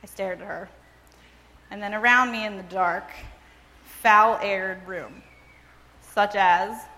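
A woman reading a first-person story aloud in a measured, dramatic storytelling manner. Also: medium pitch, pushed and bright. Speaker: reader and speaker. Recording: long reverb, as in a large hall.

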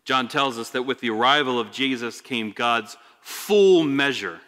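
A man preaching a sermon, expressive, stumbling over repeated words, swinging between loud emphasis and hushed lines. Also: medium pitch, measured pace. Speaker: pastor. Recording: echoey hall reverb.

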